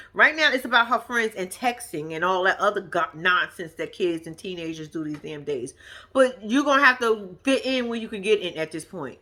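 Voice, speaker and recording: Sassy bright-voiced woman recapping TV. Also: medium pitch. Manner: blunt, sassy, laughs often; slangy and profane, addresses viewers directly. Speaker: vlogger recapping a reality show. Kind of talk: casual reaction commentary.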